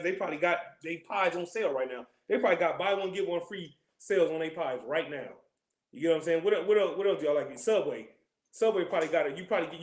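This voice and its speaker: Casting: high-voiced man, quick streetwise scripture class teacher, joking, echoey room. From California. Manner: loose, joking, streetwise slang, constant check-ins with listeners. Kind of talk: casual scripture class talk.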